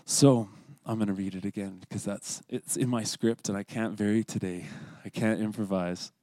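Mellow low-voiced man giving devotional talk. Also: fairly even intonation, moderate pace, no room sound. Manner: earnest, confessional, with soft whispered prayers. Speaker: lay speaker at a church service. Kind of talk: scripted personal devotional talk.

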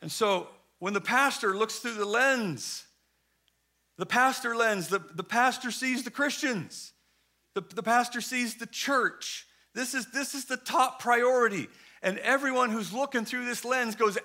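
A man preacher giving a humorous, animated sermon, swinging between hushed lines and shouted ones. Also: extremely high pitch, unhurried.

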